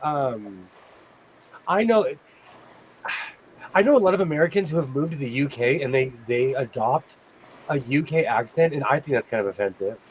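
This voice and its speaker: A man from California hosting a sewing stream, talking in a quick, chatty way. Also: mid-range voice, lively intonation, slight background noise, low-quality recording. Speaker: sewing channel host. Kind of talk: casual livestream chat.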